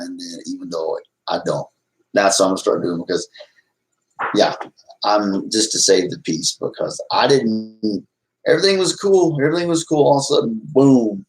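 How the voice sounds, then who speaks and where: A man's voice: on the low side, vocal fry, rough recording. A middle-aged man live-streaming, talking casually to his chat in a rambling, restless way that moves from agitated to apologetic. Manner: rambling, agitated then apologetic, many restarts.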